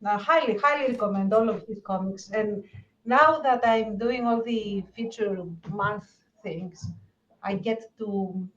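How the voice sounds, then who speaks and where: A woman with a noticeable accent talks through an idea on a podcast, pausing and restarting as she works it out. Her pitch sits in an ordinary middle range. The audio is slightly dull and lo-fi. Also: a bit bright, reverberant. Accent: non-native English accent. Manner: thoughtful, hesitant restarts. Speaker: podcast co-host. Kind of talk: casual chat.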